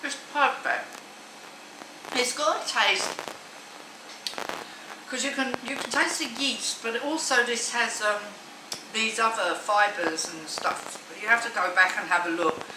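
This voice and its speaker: A woman's voice: fairly high pitch, unhurried, long pauses. A woman vlogging casually from her home kitchen, chatty and enthusiastic with many ums and restarts. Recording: echoey room, distant mic, noisy.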